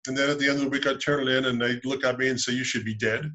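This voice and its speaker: A man's voice: medium pitch, level tone, very fast, sharp tone, muffled recording. An older man recounts his navy days in a loose, rambling way, full of ums and restarts. He sounds easygoing and amused, talking over a video call. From United States. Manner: rambling, good-humored anecdotes with many fillers. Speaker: submarine veteran and loan officer. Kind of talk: casual storytelling interview.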